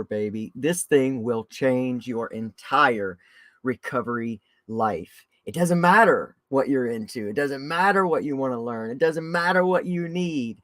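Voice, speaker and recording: Guy hosting a live podcast stream, super excited and gushing, voice jumping up and down, dry sound. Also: no room sound. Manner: excitable and effusive, big swings in pitch and loudness. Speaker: podcast host.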